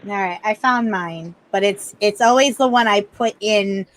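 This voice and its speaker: A woman chatting casually as a guest, telling stories in an animated way and swearing freely. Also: mid-range voice, measured pace. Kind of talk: casual chat.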